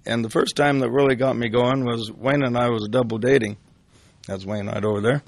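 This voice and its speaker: A man's voice: medium pitch, fairly even intonation, brisk, no room sound. An older man and hypnotist casually recounting his experiences, rambling with restarts and fillers. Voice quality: gravelly. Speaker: hypnotist telling stories. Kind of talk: casual storytelling.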